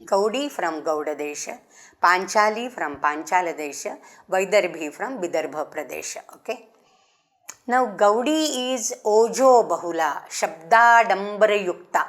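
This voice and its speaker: A middle-aged woman professor, giving a lecture, explaining slowly with restarts and chanting verse in a quick recitation. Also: medium pitch, animated. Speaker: professor lecturing on Sanskrit drama. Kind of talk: academic lecture.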